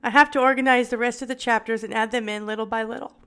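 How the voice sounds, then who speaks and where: A woman's voice: fairly high pitch, steady tone, fast talker, fairly bright tone. A woman reading a memoir aloud in the first person, dramatic and with occasional stumbles. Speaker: reader.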